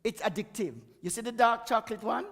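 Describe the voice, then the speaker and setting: A man's voice: high voice, fairly quick, fairly bright tone. A man giving a chatty, emphatic health talk at a church and laughing at himself now and then. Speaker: guest speaker on health. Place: church hall. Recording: echoey church hall.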